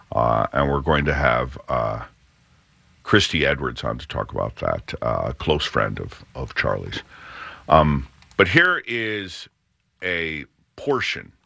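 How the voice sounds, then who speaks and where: Deep-voiced rambling male radio host. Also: big pitch swings, slow, gravelly, bright, forceful tone, slightly rough, dry recording. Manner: rambling with frequent restarts and fillers. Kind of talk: casual radio talk.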